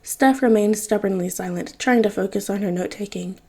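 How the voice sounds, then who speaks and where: A woman reading a fanfiction audiobook in an even, wry narrating manner. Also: medium pitch, brisk, few pauses, slightly rough. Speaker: podfic reader.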